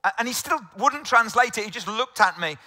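A man's voice: very high voice, lively intonation, brisk, bright, forceful tone, long reverb tail. A middle-aged English man preaching a sermon as pastor, telling stories conversationally with rhetorical questions. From England.

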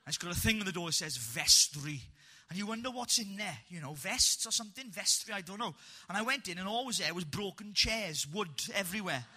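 A Welsh man telling his life story as a testimony to a live audience, animated and humorous, with punchy asides. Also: high voice, brisk, hardly any pauses.

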